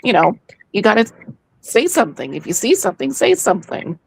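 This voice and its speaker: A woman explaining things in a measured way as a co-host. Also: mid-range voice, big pitch swings, gravelly, a little mellow, breathy edge, no room sound, low-quality recording. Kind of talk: casual discussion.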